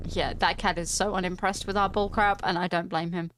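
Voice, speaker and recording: A woman's voice: lowish voice, little pitch movement, brisk, few pauses, a bit bright. A woman with a British accent commentating casually on a video game, chatty and playful as she reads the game's text aloud. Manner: chatty and playful, with frequent giggles and asides. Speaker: gaming video host. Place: at home.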